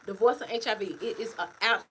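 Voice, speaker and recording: A woman author talking casually to her livestream viewers, animated and repetitive, calling them y'all. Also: mid-range voice, fast talker, slight background noise, poor audio. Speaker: author and vlogger. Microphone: phone or webcam, livestream.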